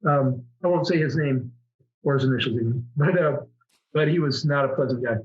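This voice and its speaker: A man's voice: medium pitch, fairly quick, highs cut off. A middle-aged man, a former fighter pilot, telling stories in a casual interview, rambling with many restarts.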